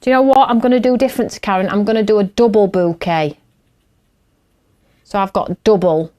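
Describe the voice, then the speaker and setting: A woman's voice: medium pitch, brisk, mellow. A middle-aged woman, chatting and laughing as she hosts a craft show while she works. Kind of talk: casual chat while crafting.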